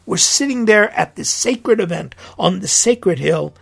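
A man's voice: high-pitched, lively intonation, a little slow, creaky, a bit bright, slightly rough. A middle-aged man, a priest hosting his own podcast, speaking in an earnest, indignant and emphatic monologue.

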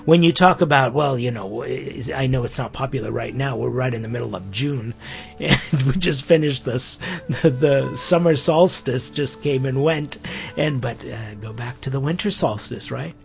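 A man's voice: medium pitch, normal speed, gravelly, faint music behind. A man hosting a podcast, reflecting earnestly on faith and spirituality in a musing way, often restarting his sentences. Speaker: podcast host.

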